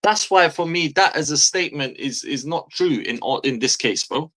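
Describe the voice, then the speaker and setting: A man's voice: fairly high pitch, lively intonation, normal speed, a bit bright. A man, delivering an exasperated, profanity-heavy fan rant as a football streamer, hammering his points home by repeating phrases. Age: 30s.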